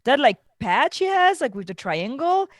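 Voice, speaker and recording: A woman's voice: high-pitched, sing-song, normal speed, no room sound, clean studio sound. A young French woman with a French accent, co-hosting a casual podcast review, tired and scatterbrained, full of fillers and restarts. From France. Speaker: podcast co-host.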